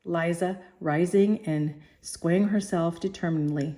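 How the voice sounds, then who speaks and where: A woman reading a play aloud, giving the stage directions in a measured way. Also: lowish voice, dark tone. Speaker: reader.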